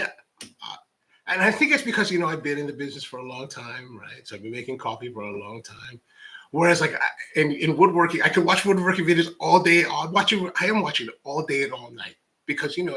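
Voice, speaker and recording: Coffee-pro man from the US, casual to-camera host; bright, slightly raised voice, rambling and self-deprecating. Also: a little high, animated, fairly quick, slight background noise, poor audio. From United States. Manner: rambling, lots of "like" and restarts. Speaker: coffee professional and channel host.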